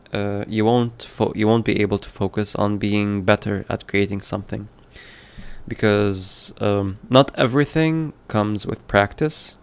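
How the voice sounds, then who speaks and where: A man's voice: fairly low pitch, clean tone. A man who develops indie games, talking casually on a stream with lots of fillers and self-corrections. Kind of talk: casual livestream talk.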